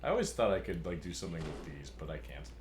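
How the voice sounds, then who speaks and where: A man's voice: low-pitched, sing-song, fast, background noise. A man co-hosting a let's-play, joking around playfully and mocking himself while he plays. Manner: playful, goofy and self-mocking. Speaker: game player and co-host. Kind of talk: jokey let's-play commentary. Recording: roomy echo.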